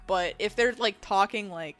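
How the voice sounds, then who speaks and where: A woman's voice: unhurried, fairly bright tone, soft background music. Chatty woman streamer who laughs easily. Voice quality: fairly deep for a woman. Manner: chatty, laughs often, answers chat messages aloud. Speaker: game streamer and video editor. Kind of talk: casual live-stream chat with viewers.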